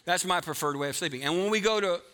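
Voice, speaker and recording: Bright-voiced man preaching a sermon. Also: high voice, fast talker, clean tone. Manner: emphatic, swings from loud to hushed. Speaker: pastor.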